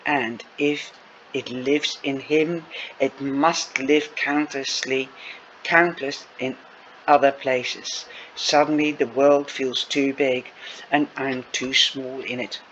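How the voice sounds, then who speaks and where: A man's voice: mid-range voice, fairly even intonation, slow pace, fairly bright tone. A man reading a novel aloud, stopping for chatty asides to his listeners. Dull lo-fi recording with faint noise. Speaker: reader.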